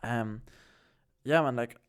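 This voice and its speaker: A man's voice: medium pitch, takes it slowly, clean tone. A young man casually telling a personal story to the camera, loose and slangy, with many fillers. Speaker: vlogger.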